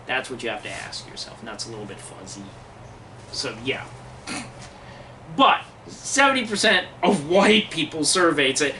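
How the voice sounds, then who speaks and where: Angry man ranting to camera, heavy swearing, sharp bright tone, sits back from the mic. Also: fairly high pitch, sing-song, moderate pace, recorded from a distance, slight background noise, rough recording. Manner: aggressive, swearing, mocking. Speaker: vlogger. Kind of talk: profane angry rant.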